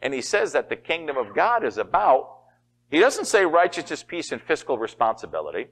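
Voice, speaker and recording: A middle-aged man preaching a sermon as pastor, folksy and animated, often laughing and acting out quotes. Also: a little high, a little fast.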